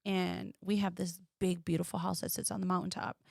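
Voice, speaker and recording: A woman from the United States telling a personal story as a podcast guest, animated and quoting others in lively voices. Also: on the low side, fairly quick, creaky, no room sound, studio quality.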